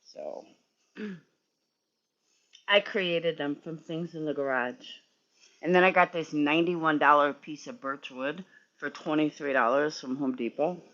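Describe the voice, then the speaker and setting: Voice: medium pitch, slow, pauses often, sharp tone, lo-fi sound. A sleepy, yawning streamer rambling and swearing in casual chat with viewers while working in a garage. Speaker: livestreamer.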